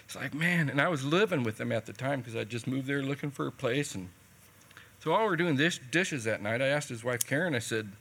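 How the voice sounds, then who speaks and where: A man's voice: medium pitch, expressive, a little fast, fairly bright tone. A man preaching a sermon in a conversational, folksy way, telling a personal story and retelling what people said.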